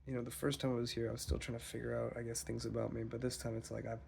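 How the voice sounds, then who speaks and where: A young man vlogging, telling a rambling, profane story in a casual, animated way. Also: medium pitch, rapid-fire, gravelly, a little hiss or hum.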